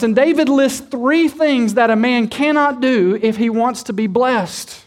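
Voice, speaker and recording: A man with a very high voice preaches to his congregation. He leans hard on key words, repeating and drawing them out, and stops to put questions to the room. It sounds like a pastor at the pulpit of a church. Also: measured pace, hardly any pauses. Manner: addresses the congregation directly with questions. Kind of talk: sermon.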